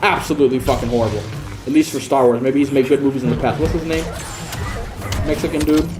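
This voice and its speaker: A man's voice: medium pitch, steady tone, fast talker, background noise. A man ranting profanely and heatedly during a casual livestream, often slipping into mocking voices. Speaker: live streamer.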